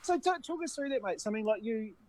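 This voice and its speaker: A man co-hosting a casual chat, asking rambling questions and laughing quickly. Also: high-pitched, animated, darkish tone, poor audio. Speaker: co-host.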